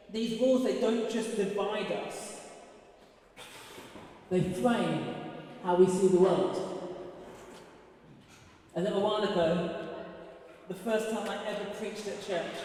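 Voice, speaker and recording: A man preaching a sermon, telling stories in an animated way with self-mocking humor. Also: high voice. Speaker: pastor. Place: church auditorium. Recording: echoey hall from far off, faint noise.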